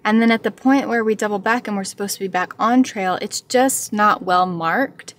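A woman's voice: mid-range voice, normal speed, a bit bright. An American woman, a young adult, talking through a travel vlog in a chatty, candid storytelling way. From United States. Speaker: travel vlogger. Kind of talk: casual vlog narration.

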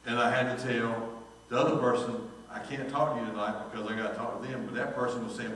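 A man's voice: medium pitch, steady tone, fast talker, a bit bright, slight background noise. A man, preaching a sermon as pastor and telling a story in which he acts out the dialogue. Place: church sanctuary. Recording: echoey church hall from far off.

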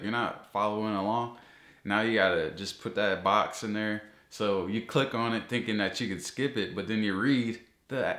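Male vlogger, low register, foul-mouthed comic ranter, echoey room sound. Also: normal speed. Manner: profane, animated ranting, voice jumping high when exasperated. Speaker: YouTuber. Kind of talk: casual ranting vlog.

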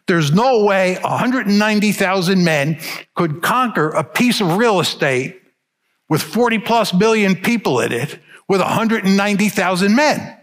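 A man's voice: high-pitched, fairly bright tone. An older man giving a public lecture, arguing his case emphatically and stressing key words. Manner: emphatic, argumentative.

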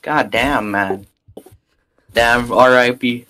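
A man chatting excitedly with friends while playing an online shooter, yelping and laughing under fire. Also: medium pitch, slow. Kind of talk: casual gameplay chat.

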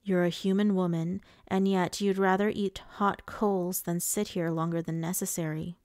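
A woman's voice: lowish voice, level tone, normal speed, darkish tone, dry recording, clean studio sound, natural voice. A woman voicing a vain, mocking male fae emissary in an audiobook, with a smug, teasing delivery. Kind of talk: audiobook character reading.

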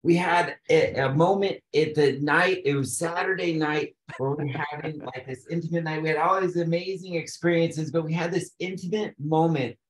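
A man's voice: fairly high pitch, fairly even intonation, normal speed, few pauses, reverberant, slight background noise, rough recording. A man being interviewed about an event he organized, talking in an earnest, enthusiastic, motivational way. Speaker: interview guest, retreat organizer. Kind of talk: casual interview.

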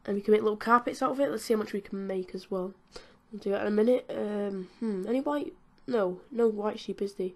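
Speaking fairly quickly in a mid-range, slightly mellow voice, a British gaming host keeps up giggly, chatty talk while playing. She often turns to speak to the characters on screen in this relaxed commentary.

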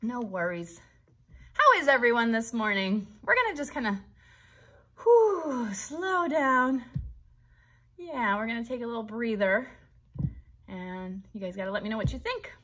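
Cheerful high-voiced woman host, bright, encouraging, talks to kids at home. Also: big pitch swings, unhurried, long pauses. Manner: cheerful, encouraging, asks viewers questions. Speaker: host of children's puppet livestream. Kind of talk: friendly talk to young viewers.

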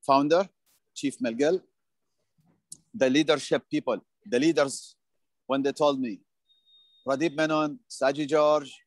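A man's voice: mid-range voice, no echo. A man confidently telling his business story in slightly non-native phrasing. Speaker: team member giving a testimony. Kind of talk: testimonial speech.

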